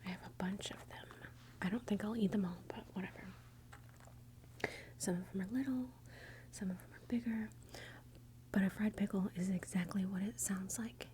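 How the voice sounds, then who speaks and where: A woman's voice: mid-range voice, fairly even intonation, moderate pace, pauses often, warm tone, slight background noise. A woman from Texas with a Texan accent, whispering close to the mic as she hosts rambling, self-interrupting ASMR commentary. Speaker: ASMR channel host.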